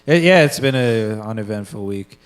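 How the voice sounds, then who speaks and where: A man in his twenties co-hosts a podcast, rambling through gaming stories in casual chat, swearing freely and acting out the people he quotes. His voice is lowish and animated, at a moderate pace.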